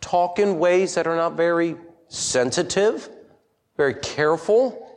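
A man's voice: a little high, unhurried, clear, resonant tone. A man preaching an interactive sermon to a congregation, asking them questions and reading scripture aloud. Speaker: pastor.

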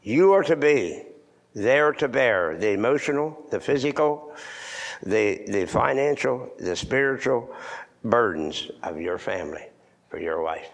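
Older man preaching, lively and emphatic. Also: mid-range voice, measured pace, vocal fry. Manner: swings from loud emphatic preaching to hushed near-whispers; old-fashioned scripture reading, repeats words for stress. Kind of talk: sermon. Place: church.

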